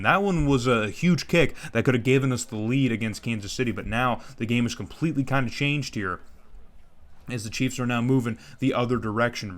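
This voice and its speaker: A man casually calling play-by-play over his own football video game, excitable, tripping over names and tacking "man" onto his lines. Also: mid-range voice. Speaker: gaming YouTuber commentating his own franchise game.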